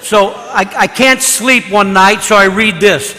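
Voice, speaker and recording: A man who is a priest, preaching a parish mission sermon in an animated, storytelling way, acting out the people he quotes. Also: high-pitched, a little slow, hardly any pauses. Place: church. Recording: echoey church broadcast.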